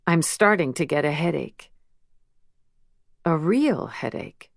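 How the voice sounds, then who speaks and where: A woman narrating an audiobook in a measured, emotional first-person reading. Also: low voice, animated, gravelly, dry recording, clean studio sound. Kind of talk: scripted narration.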